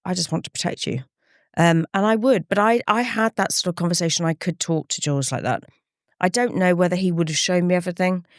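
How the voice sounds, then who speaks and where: A woman's voice: lowish voice, fast, no echo, studio quality. A middle-aged woman speaking candidly as a campaigner in an interview, earnest and reflective, often retelling conversations in quoted speech. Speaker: campaigner guest.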